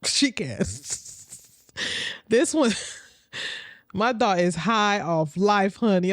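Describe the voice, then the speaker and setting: A woman's voice: mid-range voice, expressive, very slow, long pauses, no room sound, studio quality. A woman hosting a reaction video, commenting bluntly and profanely and laughing often.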